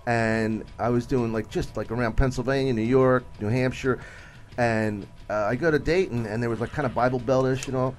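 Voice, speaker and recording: A man's voice: mid-range voice, steady tone, a little fast. A middle-aged man, a comedian guest on a radio show, telling stories with lots of laughter and stammering restarts. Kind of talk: radio interview storytelling. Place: radio studio.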